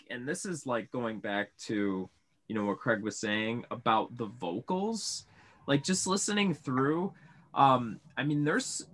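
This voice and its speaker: A man's voice: medium pitch, a bit bright. A man in a casual music podcast chat, searching for his words.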